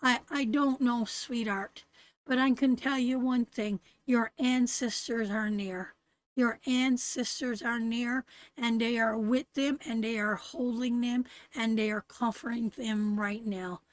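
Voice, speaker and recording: A woman's voice: a little high, fairly even intonation, unhurried, dry recording, poor audio. A woman with a Canadian accent reading tarot on a live stream, affectionate and emphatic, calling viewers darling and sweetheart and repeating her phrases. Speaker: tarot reader.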